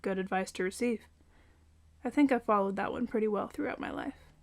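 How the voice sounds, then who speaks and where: A woman reading the lines of a protective young man who speaks softly and reassuringly, with brief flares of anger. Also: mid-range voice, brisk, no echo, close to an everyday voice. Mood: gentle.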